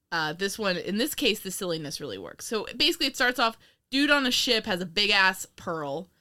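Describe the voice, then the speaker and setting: A woman's voice: lowish voice, a bit bright. A woman from New York co-hosting a casual film-review podcast, rambling and laughing often, swearing casually. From New York state. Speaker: podcast co-host.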